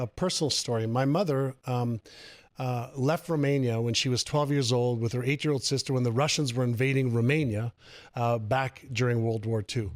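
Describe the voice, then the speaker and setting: A man's voice: mid-range voice, no room sound. Dry-voiced man telling a story. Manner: animated storyteller, repeats phrases for emphasis. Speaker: guest author on personal growth. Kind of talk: conversational interview storytelling.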